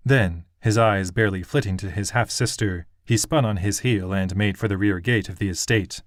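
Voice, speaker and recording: A man narrating a fantasy audiobook in a steady, even storytelling manner. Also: fairly low pitch, normal speed, few pauses, dry recording, studio quality.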